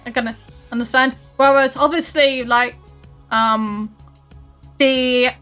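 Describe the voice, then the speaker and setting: A woman YouTube creator chatting casually, hesitant and full of pauses. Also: high-pitched, fairly even intonation, fairly bright tone, clean tone, faint music behind. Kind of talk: casual podcast chat.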